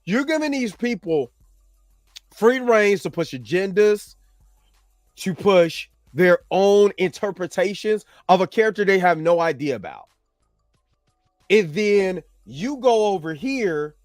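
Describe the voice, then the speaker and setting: A man's voice: high-pitched, dry recording. A male host giving opinionated commentary, emphatic and repetitive, with many fillers and restarts. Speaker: show host.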